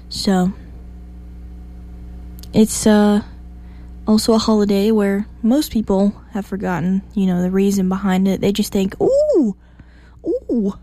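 A woman hosting a morning radio show, chatting in an easy, unhurried way. Her voice is mellow and dark, and she sounds a bit tired. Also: mid-range voice. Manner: relaxed, unhurried, a little tired. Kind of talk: casual radio chat. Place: radio studio.

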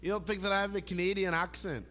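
A young man hosting sports talk radio, loud and joking with playful hype. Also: sits high, steady tone, fast talker, a little hiss or hum.

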